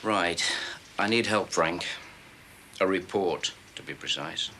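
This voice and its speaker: An actor playing a careful, placating manager with a measured, diplomatic manner. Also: male voice, low-pitched, bright, forceful tone, full character voice. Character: careful, placating middle-aged male manager. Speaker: transport manager. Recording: TV drama with faint background noise.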